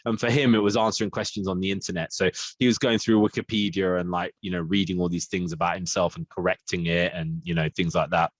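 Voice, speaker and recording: A man's voice: deep voice, steady tone, fast talker, hardly any pauses, no echo. A man co-hosting a casual film podcast, rambling with lots of fillers and frequent laughs. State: frog in his throat. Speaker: podcast co-host. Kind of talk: casual chat.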